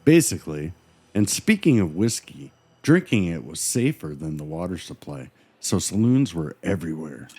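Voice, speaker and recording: A man's voice: low voice, very animated, normal speed, slightly rough. A man co-hosting a podcast, cracking goofy jokes and wisecracks during the story. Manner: goofy, wisecracking, with loud joke yells. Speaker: podcast co-host. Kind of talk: scripted podcast banter.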